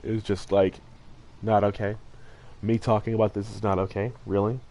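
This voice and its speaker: A man's voice: fairly low pitch, flat delivery, normal speed, dark tone, rough recording. A man streaming a game and chatting casually, earnest and heartfelt, rambling with lots of fillers and restarts. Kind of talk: casual livestream chat while gaming.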